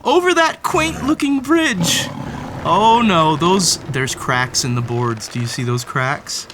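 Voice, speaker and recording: Kids' storybook narrator, playful and theatrical, very slow, noisy recording. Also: medium pitch, lively intonation. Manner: playful, theatrical, talks directly to the story's cat. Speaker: storybook read-aloud host. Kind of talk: expressive children's story narration.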